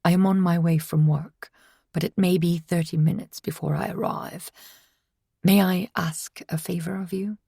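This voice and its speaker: A woman's voice: on the low side, fairly even intonation, vocal fry, mellow, slightly rough, no room sound, clean studio sound. A woman doing a formal man with a British accent. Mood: courteous. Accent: slight British. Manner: formal, measured, polite. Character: courteous formal middle-aged husband.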